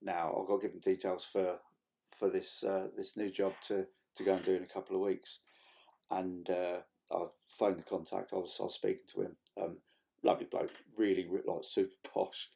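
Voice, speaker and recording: A man, rambling casually to camera in a vlog, swearing freely and filling pauses with ums and restarts. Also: sits low, little pitch movement, vocal fry, mellow. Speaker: vlogger.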